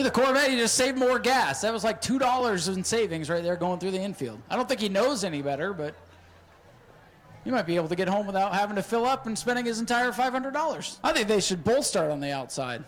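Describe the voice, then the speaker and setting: Very high-voiced shouting race announcer man. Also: fairly quick, low-quality recording. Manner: excitable, joking, often shouting. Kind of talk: live race commentary over PA. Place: flag stand at an outdoor speedway.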